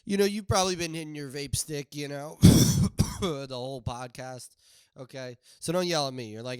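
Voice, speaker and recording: A young man hosting a casual solo podcast, rambling and joking with sudden loud outbursts. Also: fairly high pitch, moderate pace, smooth, dry recording, clean studio sound. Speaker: podcast host.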